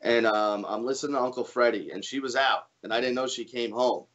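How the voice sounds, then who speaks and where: A man's voice: mid-range voice, fairly even intonation, brisk, fairly bright tone, muffled recording. A man chatting as a guest on a live comedy podcast, telling stories full of swearing and acting out the people he quotes. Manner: storytelling with profanity, acts out quoted voices. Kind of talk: casual podcast chat.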